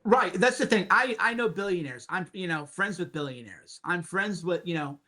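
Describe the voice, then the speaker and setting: A man's voice: high-pitched, expressive, normal speed, pushed and bright. A man as a podcast guest, talking emphatically in casual chat, repeating points with sardonic asides.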